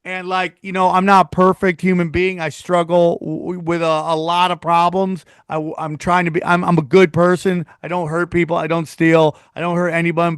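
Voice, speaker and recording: A man's voice: on the high side, clear, resonant tone, dry recording, clean studio sound. A man hosting a podcast, talking in a loose, rambling, agreeable way in casual chat. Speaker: podcast host.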